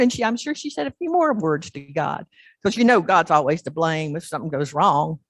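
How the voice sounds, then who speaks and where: A woman's voice: low-pitched, brisk, no room sound. Woman pastor telling a sermon story. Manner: animated storyteller, acts out scenes. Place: church.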